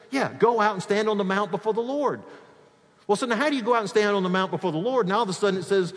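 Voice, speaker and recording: A male pastor preaching a sermon, swinging from loud emphatic peaks to quiet asides. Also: on the high side. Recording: long reverb of a hall.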